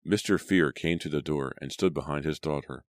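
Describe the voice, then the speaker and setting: A man narrating an audiobook in a steady, measured reading. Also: a bass voice, no room sound, clean studio sound. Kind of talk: scripted narration.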